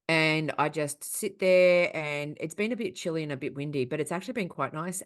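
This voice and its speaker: A woman's voice: deep voice, a bit bright. An Australian woman co-hosting a podcast, telling stories in casual chat, swearing freely and laughing often. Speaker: podcast co-host.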